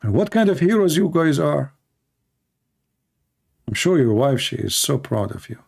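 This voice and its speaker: A man with a mellow, darker voice hosting a livestream. He rants in a sarcastic, mocking tone, often slipping into jeering impressions of others. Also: fairly high pitch, big pitch swings, normal speed, gravelly, husky. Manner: mocking, sarcastic, acts out opponents. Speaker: livestream debate host. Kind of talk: casual livestream rant.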